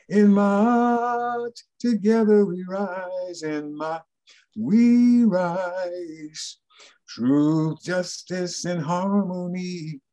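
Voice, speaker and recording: A man leading a slow, rhythmic call-and-response chant at a church service. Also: a little high, dark tone.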